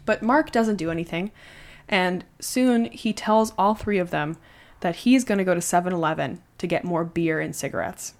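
A woman's voice: lowish voice, normal speed. A woman hosting a podcast, casually retelling a true story with lots of conversational fillers. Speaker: podcast host.

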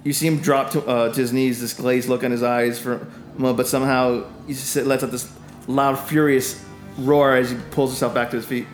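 A man running a tabletop game as game master, narrating combat in halting, filler-heavy descriptions. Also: mid-range voice, flat delivery, reverberant, faint music behind.

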